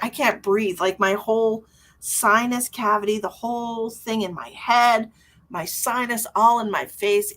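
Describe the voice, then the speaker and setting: A middle-aged woman hosting a live psychic stream, chatting casually and rambling to viewers, her voice swinging from loud to almost a whisper. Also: medium pitch.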